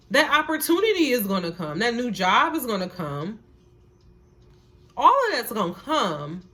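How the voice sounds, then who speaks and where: A woman's voice: on the high side, fairly bright tone. A woman reads tarot cards in a casual, spiritual way. She talks emphatically, repeats her points and swears freely. Her encouragement is earnest and preacher-like. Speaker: tarot reader.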